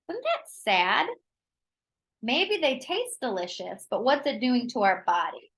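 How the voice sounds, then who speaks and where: Woman wellness presenter on a video call, chatty, energetic, bright forceful tone. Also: fairly high pitch, a little slow, rough recording. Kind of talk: live online workshop talk.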